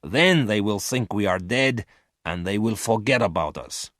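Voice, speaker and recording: A man's voice: lowish voice, animated, measured pace, fairly bright tone, dry recording, studio quality. A man voicing a harsh ruthless space criminal. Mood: explaining. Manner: harsh, commanding. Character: ruthless adult male space criminal leader.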